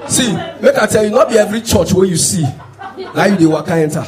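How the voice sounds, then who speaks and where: A man telling a stand-up story in Nigerian Pidgin English, animated and punchy, moving from quiet asides to shouted punchlines. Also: high-pitched, brisk, over music, low-quality recording. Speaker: stand-up comedian. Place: live comedy show before an audience. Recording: loud audience laughter throughout.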